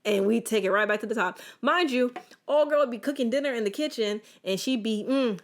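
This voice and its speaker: A young adult woman hosting a casual solo podcast, telling animated stories with lots of restarts. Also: on the high side, fairly quick. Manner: animated, chatty storytelling with many restarts. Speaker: podcast host.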